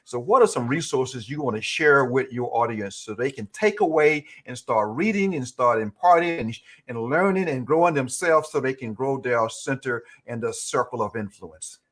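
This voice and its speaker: A man's voice: medium pitch, animated, normal speed, few pauses. A man hosting a leadership talk show, effusive and full of repeated praise and exclamations. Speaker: host. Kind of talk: motivational interview hosting.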